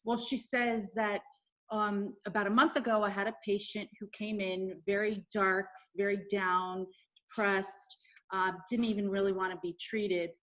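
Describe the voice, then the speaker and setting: A woman's voice: medium pitch, fairly even intonation, unhurried, fairly bright tone. Woman retelling a story on a talk show. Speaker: show co-host. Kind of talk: casual storytelling.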